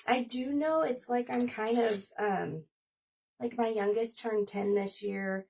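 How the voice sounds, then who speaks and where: Gravelly woman in her forties chatting while crafting. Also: a little high, slow, a little mellow, distant mic. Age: 40s. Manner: chatty, rambling, talks while working. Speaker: craft livestream host. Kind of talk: casual crafting livestream chat.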